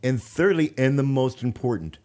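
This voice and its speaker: A man's voice: mid-range voice, normal speed, warm tone. A man hosting a radio talk show, chatty and coaching, who often trips over his words. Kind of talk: casual radio interview chat.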